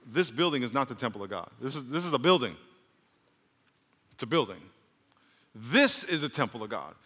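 A man's voice: medium pitch, big pitch swings, moderate pace, bright, forceful tone, husky, long reverb tail. A man, a pastor, preaching a sermon with call-and-response and joking asides. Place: church sanctuary.

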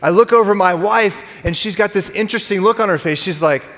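High-voiced pastor in an echoing church. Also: male voice, quick pace, fairly bright tone. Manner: conversational, repeats words when restarting, jokes with congregation. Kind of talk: sermon. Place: church sanctuary. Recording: long hall reverb.

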